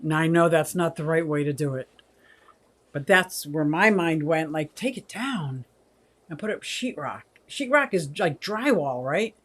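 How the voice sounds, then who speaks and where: A woman's voice: low voice, expressive, a little slow. A woman in her sixties hosting a casual livestream, chatty, laughing often and reading viewer comments aloud. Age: 60s. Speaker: aquarium channel host.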